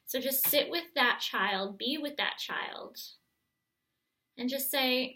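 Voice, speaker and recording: A woman coaching viewers through a guided self-help exercise, speaking gently and straight to the viewer. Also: sits high, slow pace, rough recording.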